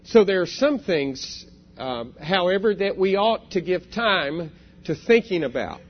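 A man's voice: sits high, lively intonation, measured pace, dull audio. A man, a church elder, preaching a sermon in an earnest, reflective way, often posing rhetorical questions.

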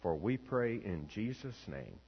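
A man, a pastor, reading scripture aloud and leading prayer in a slow, measured, solemn way. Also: lowish voice, sing-song. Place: church sanctuary. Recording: long reverb, dull lo-fi sound.

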